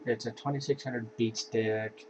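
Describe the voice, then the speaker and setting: A man's voice: medium pitch, fairly even intonation, a little slow. A man casually walking through his card game deck in an offhand, laid-back way, with sighs and yawns between cards. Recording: dull lo-fi home recording with faint hiss.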